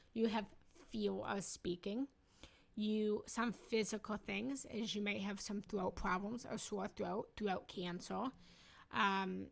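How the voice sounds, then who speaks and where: A woman's voice: mid-range voice, gravelly. A woman spiritual coach giving a casual, chatty chakra lesson, often breaking off mid-word and laughing at herself. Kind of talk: casual live teaching on chakras.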